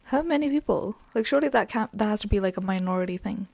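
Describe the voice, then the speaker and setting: A woman in casual podcast chat who keeps asking questions and thinking aloud. Her voice sits mid-range with a touch of vocal fry. The recording is dry and close, as if over a call. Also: mid-range voice, lively intonation, quick pace, a little mellow, dry recording. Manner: curious, asks many questions, thinks aloud. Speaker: podcast co-host. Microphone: remote call.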